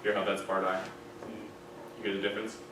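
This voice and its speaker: A man's voice: sits low, flat delivery, brisk. A man teaching a classroom diction lesson on British pronunciation for singers, conversational and demonstrating vowel sounds aloud, often checking that students follow. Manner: conversational, checks understanding with frequent "okay?" and "right?". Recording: echoey room, mic far off, faint noise.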